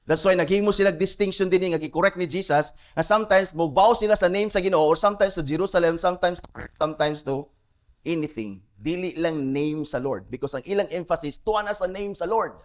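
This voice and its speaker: A man's voice: high voice, fast. A man with a Cebuano Filipino accent preaching a sermon as pastor, mixing English and Cebuano and repeating key phrases for emphasis.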